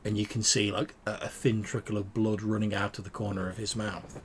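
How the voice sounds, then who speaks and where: A man's voice: lowish voice, flat delivery, brisk, slight background noise. A man narrating a tabletop game as game master, rambling with many fillers.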